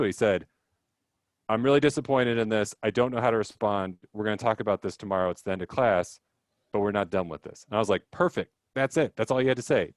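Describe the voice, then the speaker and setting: A young man with a lowish voice talks casually on a video call, leading a teacher workshop. He rambles with fillers and acts out little bits of dialogue. The sound is dry and close. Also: no room sound. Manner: chatty, self-deprecating, many fillers and quoted dialogue.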